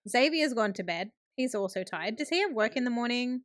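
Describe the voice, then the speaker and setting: A woman's voice: a little high, expressive, fairly quick, dry recording. A woman hosting a gaming channel, giving chatty, upbeat running commentary on her play. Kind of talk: let's play narration.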